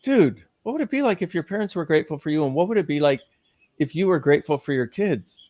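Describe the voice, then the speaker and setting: A man's voice: on the high side, expressive, quick pace, darkish tone, dry recording. Emphatic man teaching in a dry room. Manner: emphatic, swears casually, lists ideas. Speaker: guest speaker on parenting. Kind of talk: live conversational teaching.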